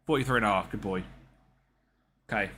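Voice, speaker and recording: A man's voice: on the low side, fairly quick, pushed and bright, slight background noise. A man giving casual, slangy gameplay commentary and talking back to the characters on screen. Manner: chatty, slangy, talks to the game characters. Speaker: gaming streamer.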